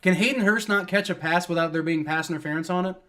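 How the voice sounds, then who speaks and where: A man's voice: sits high, fast, sharp tone. A man giving live play-by-play of a football game as a fan, exasperated, complaining and swearing casually. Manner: exasperated, complaining at refs and players; swears casually, many fillers like "like". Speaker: fan streamer doing play-by-play.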